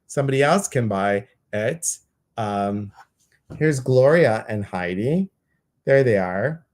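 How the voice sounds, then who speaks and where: A man's voice: medium pitch, lively intonation, slow. Effusive male host, rambling chat. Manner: effusive, rambling, frequent fillers. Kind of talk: casual live-stream chat.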